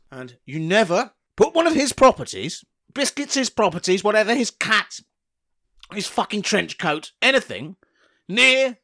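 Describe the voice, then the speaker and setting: A man's voice: high voice, pushed and bright, heavily acted. A man playing a pompous, foul-mouthed boss in an improvised comedy sketch. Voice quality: brash, bullying, swears a lot.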